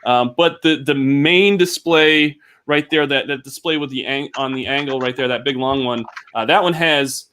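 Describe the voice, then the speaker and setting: Halting male game master. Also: medium pitch, bright, forceful tone, smooth. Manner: halting, full of fillers and restarts. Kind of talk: narrating a tabletop game.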